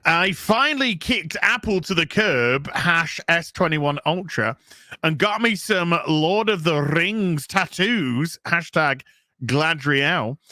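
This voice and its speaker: A man's voice: on the high side, slow, no room sound, studio quality. A man hosting a casual live stream, chatting and reading out viewer donation messages. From England. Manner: animated, chatty, reads donor messages aloud.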